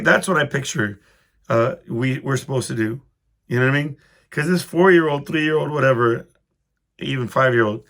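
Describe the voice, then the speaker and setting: Gravelly podcast guy rambling thru a story, keeps cutting himself off, chuckles a lot. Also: mid-range voice, a bit bright. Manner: rambling, self-interrupting, chuckling as he goes. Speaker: podcast host. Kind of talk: casual storytelling monologue.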